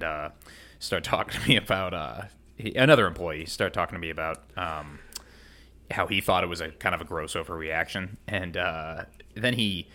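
A man's voice: deep voice, sharp tone. A young man chatting casually on a podcast, rambling through a story with lots of ums and laughs. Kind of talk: casual chat.

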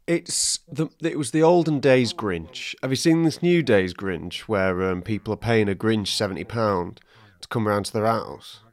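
A man's voice: on the low side, moderate pace, no echo. Male podcast co-host, playful teasing banter, dry close mic. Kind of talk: casual chat.

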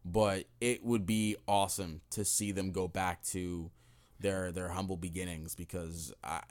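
A man's voice: low voice, steady tone, unhurried, a little mellow. A young man hosting a podcast, chatting casually in a laid-back, slangy way with some swearing. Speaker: podcast co-host.

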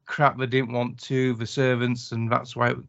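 Man, podcast co-host, casual, rambling, relaxed, slightly muffled sound. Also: medium pitch, moderate pace, gravelly. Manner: rambling, easygoing, lots of fillers.

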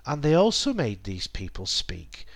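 A man explaining language accents and dialects in a measured teaching manner, restating points and pausing with ums. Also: mid-range voice, wildly swooping pitch, gravelly, dry recording. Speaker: English teacher.

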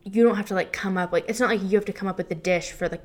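A woman's voice: mid-range voice, very fast. A woman in her twenties co-hosting a podcast, chatting casually with lots of fillers and frequent laughs. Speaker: podcast co-host. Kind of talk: casual chat.

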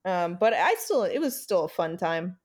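A woman's voice: lowish voice, big pitch swings, moderate pace, darkish tone, breathy edge. A woman co-hosting a podcast in casual chat, blunt and sarcastic, swearing freely. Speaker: podcast co-host.

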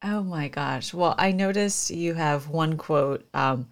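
Female podcast host, low-pitched, reflective and gently searching in her questions. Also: takes it slowly, few pauses. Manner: reflective, searching for words with fillers. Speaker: podcast host and elementary school principal. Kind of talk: casual interview.

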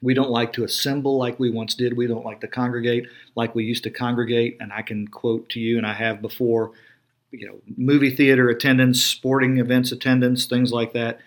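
A middle-aged man delivers sermon-style teaching on a podcast. He preaches with an emphatic cadence, repeating phrases and drawing out the words he wants to land. His voice sits in an ordinary middle pitch for a man. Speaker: pastor hosting a podcast.

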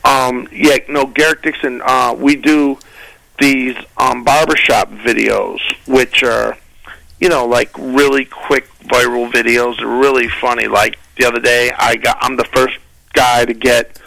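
A man's voice: medium pitch, level tone, unhurried, gravelly, bright, forceful tone, dry recording, poor audio. A man who is a guest comedian, telling casual stories and slipping into voices for the people he quotes. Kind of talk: casual storytelling.

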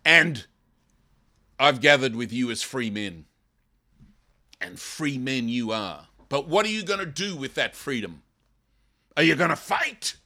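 An older man acting out a male warrior leader, shouting a passionate rallying speech to his troops. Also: medium pitch, takes it slowly, vocal fry, long pauses, pitched above the performer's own voice, heavily acted.

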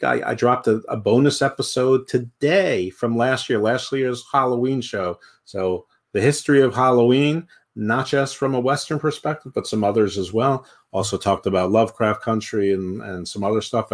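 A man co-hosts a podcast in casual chat. He trades quick, teasing banter and slips into goofy voices. His pitch sits in a middle range. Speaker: podcast co-host.

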